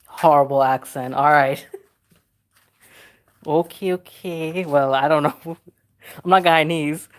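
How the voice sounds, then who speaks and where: A man's voice: a little high, fairly even intonation, takes it slowly, long pauses, fairly bright tone, clean tone. A man in his thirties, born in Trinidad, hosting a casual livestream as a car customizing channel host, reading viewer questions aloud in an easygoing, chatty way with frequent laughs. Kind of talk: casual livestream chat answering viewer comments.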